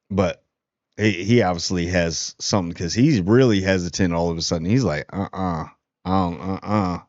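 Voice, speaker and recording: A man's voice: fairly low pitch, no room sound. Slangy man giving a casual TV review. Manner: slangy and animated, acts out character quotes. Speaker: TV review host. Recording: dull lo-fi dry sound.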